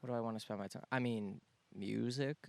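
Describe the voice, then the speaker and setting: A man's voice: mid-range voice, steady tone, brisk, vocal fry, darkish tone, dry recording. A young man chatting casually as a podcast guest, laid-back and joking. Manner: laid-back, joking, slips into silly put-on accents.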